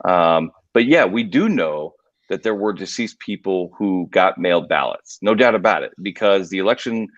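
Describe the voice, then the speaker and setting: A man on a podcast, explaining politics in a measured, hedging way, with restarts. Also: sits low, lively intonation, dry recording. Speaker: guest. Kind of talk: podcast discussion. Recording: dull lo-fi remote audio.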